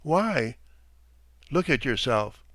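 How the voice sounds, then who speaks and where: A man's voice: medium pitch, very animated, takes it slowly, fairly bright tone, no room sound. A man voicing a nervous, easily frightened wife who speaks anxiously and shrilly.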